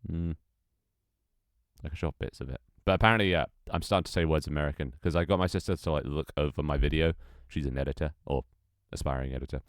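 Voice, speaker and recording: A young British man with a British accent chats casually on a live stream, reading chat aloud, joking, swearing and laughing often. His voice is extremely low and he talks fast. The sound is studio quality with no echo.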